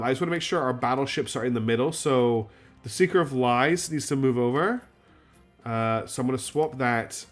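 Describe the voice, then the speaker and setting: A male streamer with a mid-pitched voice talks through a strategy game as he plays. He thinks aloud in a chatty, self-deprecating way. Faint music plays behind him. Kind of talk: live game commentary.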